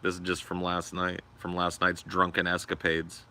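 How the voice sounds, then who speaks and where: A man's voice: low-pitched, monotone, normal speed, sharp tone, clear, resonant tone. A young man hosting a livestream, chatting casually in a crude, profane and joking way. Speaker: livestream host.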